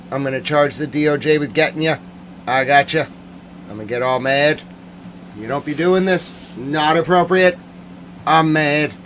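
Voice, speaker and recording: Brief: male streamer, mock-furious sarcastic rant, bright edgy voice, faint hum behind. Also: mid-range voice. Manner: sarcastic, mock-angry, shouting bursts. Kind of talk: ranting commentary.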